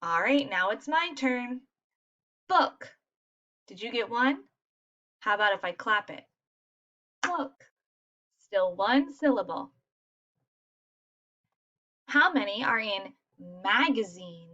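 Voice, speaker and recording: A woman's voice: on the high side, lively intonation, a little slow, pauses often, bright, forceful tone. A woman teaching a lesson to young children in an encouraging classroom voice. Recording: dull lo-fi recording.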